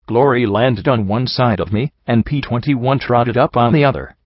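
A man narrating a first-person story in a steady, even storytelling manner. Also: mid-range voice, moderate pace, slightly rough, no echo. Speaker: audiobook narrator. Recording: dull lo-fi recording.

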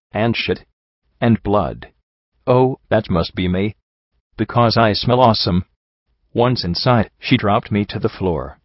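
A man narrating a first-person story as an audiobook reader, in a steady, understated manner with little change between characters. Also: fairly low pitch, dry recording, muffled recording. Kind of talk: first-person fan fiction reading.

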